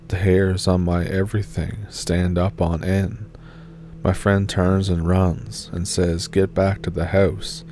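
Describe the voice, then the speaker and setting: A man with a low, dark voice tells a first-person horror story in a steady, measured read. His mellow tone sits over a faint hiss. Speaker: story narrator.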